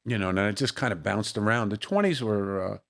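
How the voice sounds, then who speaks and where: A middle-aged male comedian, guesting on a casual interview, rattles off family stories fast in a gravelly, fairly low voice. He's full of fillers and bursts of laughter, animatedly acting out his relatives' voices.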